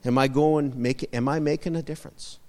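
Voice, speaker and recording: A man's voice: a little high, fairly even intonation, brisk, a little mellow, big-room sound. A male pastor preaching a sermon, repeating short emphatic phrases and asking the congregation for amens.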